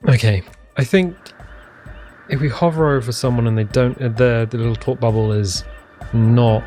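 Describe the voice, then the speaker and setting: A man thinks aloud while playing a video game, in a casual, hesitant way full of fillers. His voice sits at an ordinary middle pitch. Game music plays clearly behind him. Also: moderate pace, dark tone. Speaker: let's play host. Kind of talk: casual gameplay commentary.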